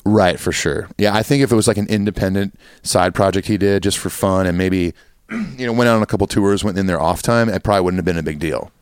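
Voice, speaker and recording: A man's voice: low-pitched, fast, smooth, no echo, studio quality. A man co-hosting a podcast in easygoing, agreeable casual chat that tends to ramble. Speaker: podcast co-host.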